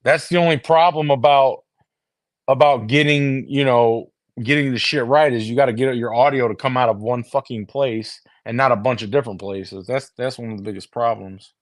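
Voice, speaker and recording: With constant profanity, repeated words and restarted sentences, an American streamer rambles casually to viewers on his phone. His voice is medium-pitched at a moderate pace, in a dry, studio-quality recording.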